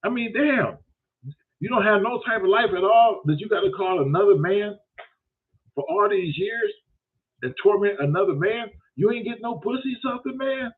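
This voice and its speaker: A man's voice: sits high, animated, normal speed, voice pushed up. A man doing an exasperated friend scolding a caller. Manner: raised, incredulous, profane questioning. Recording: tinny phone-like sound.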